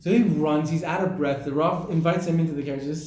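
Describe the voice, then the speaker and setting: A man's voice: a little high, quick pace. A man, a rabbi, tells a story in a sermon, sprinkling in Hebrew terms, in an echoey room. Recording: echoey room with faint ambience.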